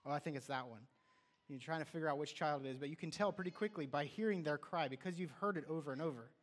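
A man preaching a sermon in a loose, conversational way, often restarting his sentences and acting out what people say. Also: a little high. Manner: conversational, with restarts and acted-out quotes. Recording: long hall reverb.

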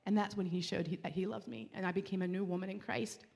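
A woman's voice: mid-range voice, steady tone, creaky, darkish tone. Woman telling her testimony in a reverberant hall. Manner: earnest and heartfelt, with halting restarts. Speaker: speaker giving a Christian testimony. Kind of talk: personal testimony storytelling. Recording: long reverb, as in a large hall.

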